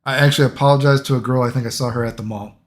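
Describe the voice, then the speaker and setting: A man's voice: mid-range voice, steady tone, rapid-fire. A young man who says he is sick, telling a rambling, profane story with lots of fillers and restarts. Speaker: vlogger. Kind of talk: casual storytelling.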